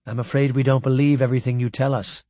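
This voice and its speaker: A man voicing a sad, measured male priest who reasons carefully. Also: mid-range voice, level tone, warm tone, no echo, lightly acted.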